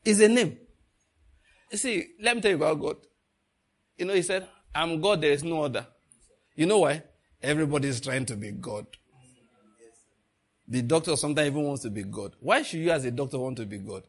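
A middle-aged male preacher giving a sermon, swinging between hushed emphasis and loud bursts, laughing often. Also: fairly high pitch, fairly quick, long pauses, husky.

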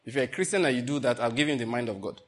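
A man preaching with a Nigerian Enugu accent, telling animated stories with mock outrage and laughter. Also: medium pitch, very fast. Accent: Nigerian English, Enugu. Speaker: pastor. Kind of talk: sermon.

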